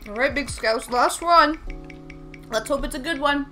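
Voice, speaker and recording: A woman's voice: high-pitched, measured pace, sharp tone, faint music behind. A woman live-streaming in casual chat, thanking viewers by name and talking straight to her chat. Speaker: livestreamer.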